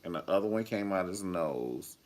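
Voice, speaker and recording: A deep-voiced man dishing a TV episode recap, flamboyant and sassy, with plenty of cursing. His low voice swings through animated rises and falls. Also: normal speed. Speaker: TV show reviewer. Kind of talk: casual review vlog.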